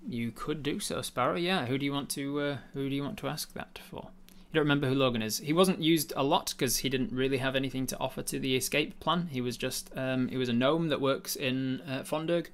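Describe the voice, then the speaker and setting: A man narrating a tabletop game as game master, halting and full of uhs and ums. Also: medium pitch, steady tone, a little hiss or hum.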